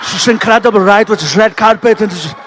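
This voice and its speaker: A man doing an impression of an action-star bodybuilder who fires off gushing, booming greetings. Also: background noise, lightly acted. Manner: booming, rapid-fire greetings.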